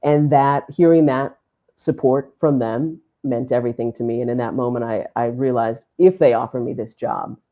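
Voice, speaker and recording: A woman's voice: extremely low pitch, moderate pace, muffled recording. A woman sports announcer in a podcast interview, telling a story with feeling and acting out the dialogue of the people in it. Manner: animated storyteller who acts out quoted dialogue. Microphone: podcast microphone.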